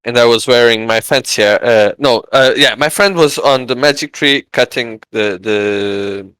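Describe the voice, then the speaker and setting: A man with a Portuguese accent chats as a podcast guest, his voice smooth and resonant. He stops and restarts often, filling gaps with "uh" as he works through a story. The sound is dry and close. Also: mid-range voice, fairly bright tone, no echo, rough recording. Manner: halting, many "uh" fillers, acts out quoted voices. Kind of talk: casual storytelling chat.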